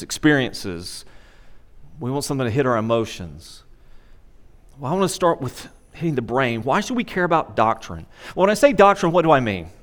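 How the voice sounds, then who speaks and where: A middle-aged man preaching a sermon in a church, conversational and emphatic, repeating key phrases, on a wearable microphone. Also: medium pitch. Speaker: pastor. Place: church sanctuary. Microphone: wearable microphone pack.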